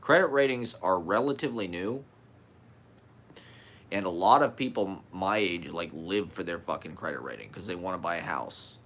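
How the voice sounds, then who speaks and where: A man's voice: sits low, animated, moderate pace, fairly bright tone. A man with a slight lisp, talking candidly in a rambling personal monologue, swearing and laughing as he goes.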